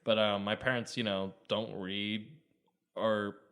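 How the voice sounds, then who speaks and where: A man's voice: lowish voice, little pitch movement, slow, fairly bright tone, clean tone. A young adult man co-hosting a casual podcast, laughing often and joking at his own expense while recalling childhood mischief. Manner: laughing, self-mocking. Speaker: podcast co-host. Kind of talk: casual chat.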